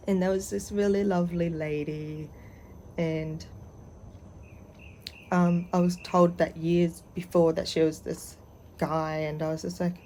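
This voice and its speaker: A young adult trans man telling personal stories in a candid, rambling vlog, pausing often. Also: sits high, fairly even intonation, dark tone, a little hiss or hum, rough recording. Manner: candid, rambling, halting with frequent pauses. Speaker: vlogger.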